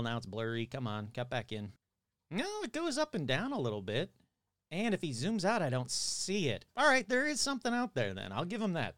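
A man hosting a casual podcast, chatty and reacting aloud as he watches clips, his voice hoarse and cutting in and out. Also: fairly high pitch, no room sound, clean studio sound. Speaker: podcast host.

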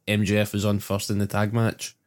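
Scottish guy on a podcast, lowish voice, swears a lot, just chatting recaps. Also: monotone, brisk, a little mellow. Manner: sweary banter, running through recaps. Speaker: podcast co-host. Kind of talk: casual chat.

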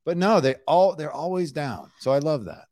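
A man hosting a casual celebrity news podcast, sarcastic and quick to drop into mocking impressions. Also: on the high side, lively intonation, darkish tone, dry recording, studio quality. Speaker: podcast host, former celebrity news producer. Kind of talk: casual chat.

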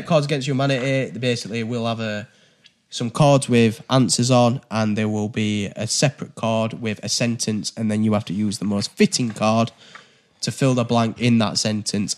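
A man's voice: lowish voice, fairly even intonation, moderate pace. A man co-hosting a casual podcast, explaining a card game in a laid-back, rambling way with restarts. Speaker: podcast co-host running a card-game segment. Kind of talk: casual chat.

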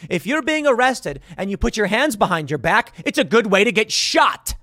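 A man's voice: high voice, big pitch swings, moderate pace, pushed and bright, dry recording, clean studio sound. A man from Chicago hosting a political commentary show, reacting to news clips with sarcastic, indignant remarks.

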